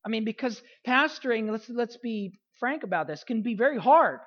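A woman pastor preaching a sermon, repeating key phrases for emphasis and letting her voice fall softly at the end of phrases. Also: a little high, animated, normal speed, slightly rough, muffled recording.

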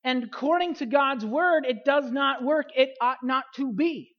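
A woman pastor preaching a sermon, repeating key phrases for emphasis and letting her voice fall softly at the end of phrases. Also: high-pitched, a little slow, dull audio.

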